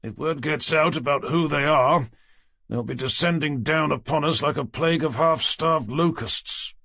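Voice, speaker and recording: A man's voice: fairly high pitch, normal speed, vocal fry, sharp tone, no echo, pitched above the performer's own voice, exaggerated voice. A man voicing a weary, sardonic detective inspector in an audiobook, dry and commanding. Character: gruff weary middle-aged male detective inspector. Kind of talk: audiobook character reading.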